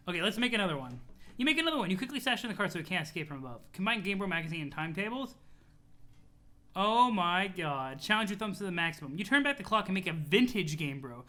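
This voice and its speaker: A streamer casually chatting with viewers and reading a webcomic aloud, in an animated, chatty way with casual swearing. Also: mid-range voice, fast. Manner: thanks chat followers, talks to viewers.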